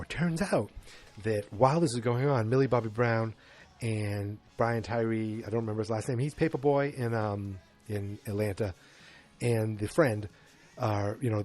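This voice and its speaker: This male podcast host has a fairly low, darkish voice as he loosely recaps a movie's plot. He rambles, tosses in sarcastic jokes, and admits the parts he doesn't get.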